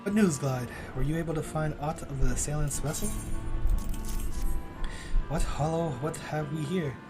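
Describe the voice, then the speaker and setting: A hearty airship engineer, cocksure about his designs, read by a man near his own voice, with occasional slips over words. Game music plays clearly underneath, and the voice sits slightly high. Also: moderate pace, natural voice. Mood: confident. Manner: hearty, self-assured, stumbles on words. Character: jovial, confident airship engineer.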